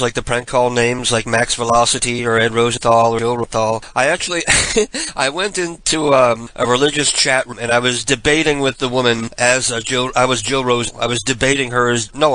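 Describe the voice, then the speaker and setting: Bright-voiced man in his forties. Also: medium pitch, no room sound, poor audio. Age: 40s. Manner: rambling, self-mocking, chuckling storyteller. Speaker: prank call show host. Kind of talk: casual live radio monologue.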